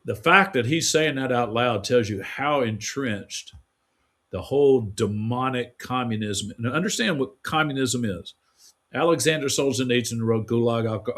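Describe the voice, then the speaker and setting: Rambling folksy man telling stories. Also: on the low side. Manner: rambling, folksy storytelling with restarts. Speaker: guest. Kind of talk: casual interview conversation.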